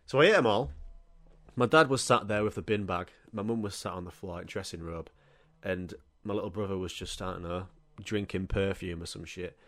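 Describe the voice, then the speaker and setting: A man, telling crude, animated comic stories as a podcast host and swearing freely. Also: low-pitched, fairly quick. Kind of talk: comic storytelling monologue.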